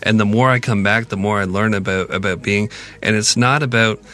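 A man co-hosting a podcast, talking in an earnest, reflective way with many halting restarts. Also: on the low side, fairly even intonation, sharp tone. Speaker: podcast co-host. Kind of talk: casual podcast chat.

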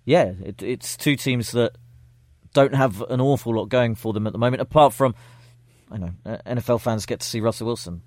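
A man's voice: mid-range voice, fairly quick, darkish tone, no room sound, clean studio sound. A man co-hosting a sports podcast, casual, laid-back and teasing. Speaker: podcast co-host.

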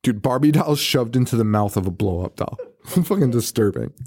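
A man's voice: medium pitch, expressive, normal speed, darkish tone, breathy edge, dry recording. A man co-hosting a podcast in a loose, profane chat about a movie. He laughs often and jumps into the characters' lines. His voice sits in a middle register and sounds dry and close. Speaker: podcast co-host. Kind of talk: casual chat recapping a movie.

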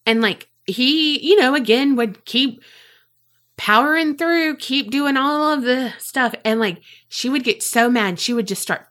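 A woman co-hosting a podcast, telling a story in casual chat, animated and swearing freely. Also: high-pitched, a little slow. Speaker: podcast co-host.

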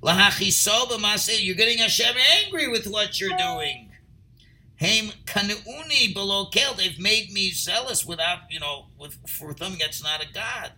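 Torah teacher, high ringing voice, bright, translates line by line, punches key points loudly. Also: male voice, lively intonation, normal speed, poor audio. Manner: reads Hebrew phrases then translates, rising to near-shouting emphasis. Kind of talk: text study class, reading and translating.

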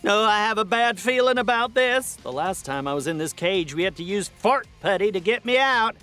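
Kids' audio drama: woman as a fretful cartoonish boy, lively pitch, exclamatory. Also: moderate pace, faint music behind, close to an everyday voice. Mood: fussy. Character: anxious fussy birthday boy, hates small spaces.

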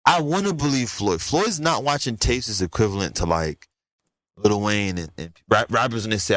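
A man co-hosting a boxing talk show, telling stories with lively swings in his voice. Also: fairly low pitch, no echo. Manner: animated storyteller, quick impressions of others. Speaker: podcast co-host, boxer. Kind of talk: casual chat.

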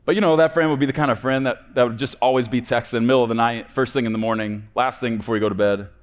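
A man preaching a sermon, rising to loud emphatic peaks and dropping to soft, hushed phrase endings. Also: medium pitch, fairly even intonation, quick pace, clear, resonant tone. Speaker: pastor.

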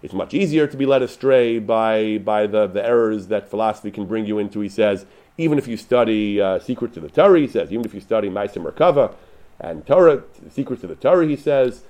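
A man's voice: lowish voice, lively intonation, a little fast, warm tone. A man giving an unscripted Torah lecture, paraphrasing Hebrew sources with frequent restarts and fillers.

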